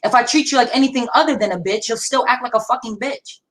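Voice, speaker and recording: A woman's voice: on the high side, quick pace, fairly bright tone, rough recording. A young woman, talking bluntly and defiantly with heavy profanity in a casual livestream discussion. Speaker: livestream co-host.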